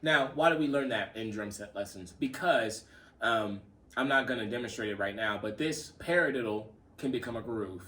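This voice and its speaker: A man's voice: on the low side, a little hiss or hum. Man teaching drums from a distance. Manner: relaxed, repeats himself, counts stickings aloud. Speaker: drum teacher. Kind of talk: casual spoken lesson with demonstrations.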